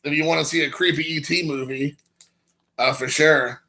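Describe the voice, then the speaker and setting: Guy rambling and joking with his stream chat, gravelly voice, sharp bright tone. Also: a little high, steady tone, moderate pace, a little hiss or hum. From Kentucky. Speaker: live stream host. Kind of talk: casual live-stream chat with viewers.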